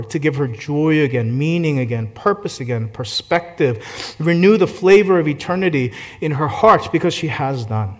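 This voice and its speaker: A man preaching a sermon as a pastor, shifting from gentle hushed passages to loud fervent climaxes. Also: medium pitch.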